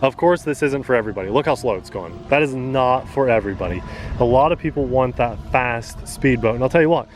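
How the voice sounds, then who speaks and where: A man's voice: medium pitch, lively intonation, brisk. A man hosting an RC hobby channel, chatting casually and joking while testing a boat by a pond outdoors. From rural United States. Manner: easygoing, chatty, jokey. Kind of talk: casual outdoor review chat.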